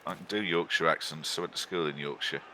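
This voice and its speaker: Bright, low-voiced joking man. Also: fairly even intonation, quick pace, a little hiss or hum. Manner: chatty, joking and teasing. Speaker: co-commentator. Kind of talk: casual game commentary.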